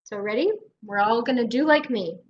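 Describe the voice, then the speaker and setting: Canadian woman speech therapist, slightly high voice. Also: normal speed, lo-fi sound, a little hiss or hum. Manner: encouraging, demonstrates vocal drills. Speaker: speech-language pathologist. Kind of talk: guided voice exercise class.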